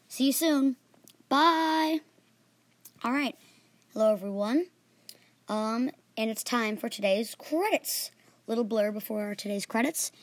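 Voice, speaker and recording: Brief: girl podcast storyteller, earnest, slightly high voice, dry close sound. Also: no echo. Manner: earnest, animated reading with small slips.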